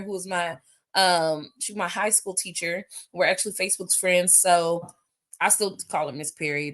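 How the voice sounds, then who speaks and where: A woman, chatting animatedly with viewers as she answers their questions in a live stream. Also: mid-range voice. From United States. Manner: animated, chatty, reads questions aloud, addresses viewers as y'all. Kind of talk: casual live Q&A chat. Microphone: phone or webcam for a live stream.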